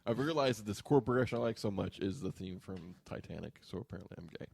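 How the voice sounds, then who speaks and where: Gravelly, wry rambling man. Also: fairly low pitch, animated, fast, a little mellow, no echo. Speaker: podcast co-host. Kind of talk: casual comedic chat.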